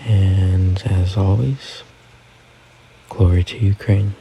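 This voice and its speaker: Male news-recap host, low flat delivery, dark husky tone; casual and conversational. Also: slow pace, slight background noise, poor audio. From United States. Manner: conversational, reads quotes aloud.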